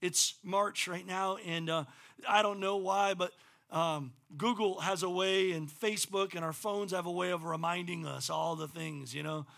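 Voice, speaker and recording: Middle-aged male pastor, slightly higher voice, moves between fervent preaching and soft anecdote. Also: fairly even intonation, normal speed, gravelly. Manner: swings from loud preaching to quiet storytelling. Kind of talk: sermon.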